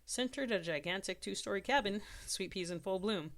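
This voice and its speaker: An author reading their own story draft aloud as storybook narration, steady with occasional self-corrections. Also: mid-range voice, moderate pace.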